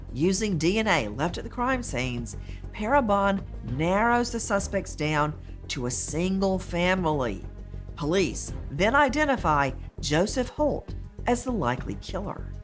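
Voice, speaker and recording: Dramatic woman narrating true crime. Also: fairly low pitch. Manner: dramatic, emphatic delivery.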